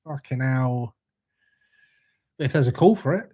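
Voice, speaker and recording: A young British man hosts a casual live stream, reading out viewer comments as they come in. He talks in a loose, laid-back way and drops in jokes and swearing with ease. His voice sits at an ordinary pitch for a man. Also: a little slow, warm tone, breathy edge. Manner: laid-back, swears freely, jokey banter with chat. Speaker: livestream host.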